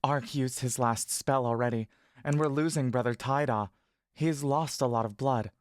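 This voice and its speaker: A man's voice: mid-range voice, normal speed, no echo, lightly acted. A man voicing a desperate young male cleric who speaks in a pleading, urgent way. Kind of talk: audio drama narration.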